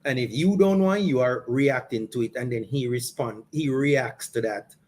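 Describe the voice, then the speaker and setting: A man hosting a podcast in a casual monologue, animated and repeating phrases for emphasis. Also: medium pitch, normal speed. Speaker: podcast host.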